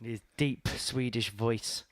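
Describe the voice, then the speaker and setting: A man commentating on a live darts match in a relaxed, conversational way. He mixes scores and checkout talk with stories, and his voice sits at an ordinary middle pitch. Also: takes it slowly, dry recording. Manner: chatty, informative, tells anecdotes.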